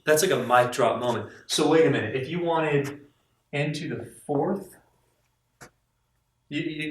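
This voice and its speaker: A man teaching a math lecture to students, enthusiastic and animated as he walks through examples. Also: medium pitch, measured pace, roomy sound, distant mic, poor audio.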